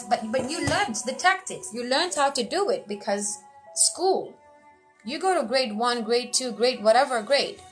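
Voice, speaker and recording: Brief: higher-pitched woman emcee, blunt and lively motivational talk, soft music under. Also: normal speed. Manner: animated, acts out quoted voices; frank, blunt, lightly profane. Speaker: emcee giving life tips.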